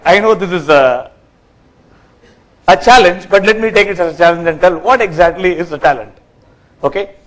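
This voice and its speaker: A man gives a corporate training talk from a workshop stage, lively and quizzing his audience. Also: fairly high pitch, rough recording. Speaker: workshop speaker.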